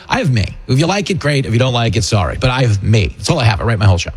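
A middle-aged man rants through a political talk radio monologue with a slightly husky voice. He is sarcastic and mocking, and he drops into put-on voices to make his points. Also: medium pitch, animated, rapid-fire. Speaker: radio talk show host and comedian.

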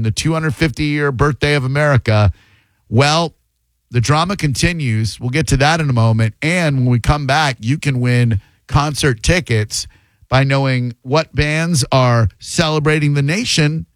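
Male talk radio host, wisecracking, quick banter, dry studio mic. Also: mid-range voice, no echo.

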